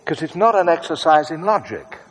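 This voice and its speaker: A man preaching a sermon in a conversational way, moving between brisk asides and hushed, prayerful tones. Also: on the high side, sing-song, long reverb tail.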